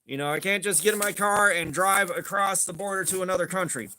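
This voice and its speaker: A man's voice: high-pitched, brisk, sharp tone. A man, rambling in casual livestream chat, greeting viewers by name and swearing offhandedly. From southeastern United States. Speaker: livestream host.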